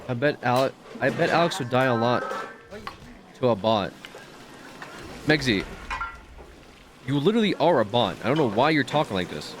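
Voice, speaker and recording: A male streamer chatting casually while gaming, animated and laughing, sometimes trailing off into quiet asides. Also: medium pitch, moderate pace, long pauses, background noise.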